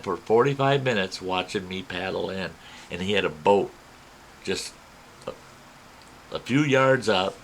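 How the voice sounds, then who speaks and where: Male storyteller, lowish voice, folksy and animated, faint ambient hiss. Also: low-quality recording. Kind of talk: spoken personal story.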